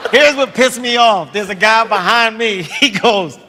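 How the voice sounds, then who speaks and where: A man's voice: high-pitched, unhurried. A man telling comic stories as a talk show guest, acting out the voices and laughing as he goes. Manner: animated, acts out voices, laughs mid-sentence. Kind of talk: comedic storytelling. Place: TV studio before an audience. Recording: reverberant studio with loud noise.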